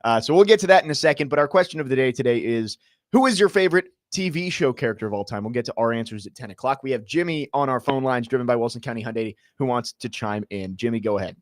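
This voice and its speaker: A man hosting a sports radio show, leading the talk and taking callers in a brisk, upbeat way with frequent fillers. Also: medium pitch, lively intonation, no echo, studio quality. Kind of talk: radio hosting and live read.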